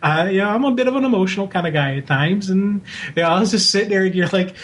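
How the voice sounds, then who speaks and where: Sex: man. Pitch: somewhat high. Role: podcast co-host. Style: casual fan discussion. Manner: heartfelt and rambling, full of asides. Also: a little fast.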